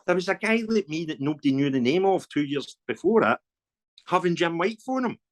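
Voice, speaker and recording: Scottish male fan campaigner, chatty storyteller, animated delivery. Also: on the high side, brisk. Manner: animated anecdotes with voiced dialogue and laughs. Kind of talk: casual storytelling interview.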